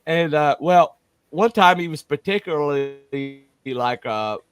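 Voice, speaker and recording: A man's voice: on the high side, expressive, slow, smooth, dry recording. A man chatting casually as a podcast co-host, telling rambling stories full of fillers and restarts. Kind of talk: casual chat.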